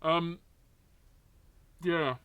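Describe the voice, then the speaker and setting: Halting bright-voiced male host. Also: fairly high pitch, steady tone, smooth, dry recording. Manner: hesitant, many fillers and repeated words. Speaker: podcast host. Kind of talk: casual interview chat while gaming. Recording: faint background noise, keyboard typing.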